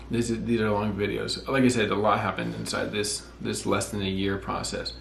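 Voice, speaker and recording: Telling the tale of his engagement to his wife, a vlogger in his twenties rambles casually, fixes his own slips, and repeatedly quotes himself. He speaks at a moderate pace in a low, gravelly voice with little change in pitch, in an echoey room with faint noise.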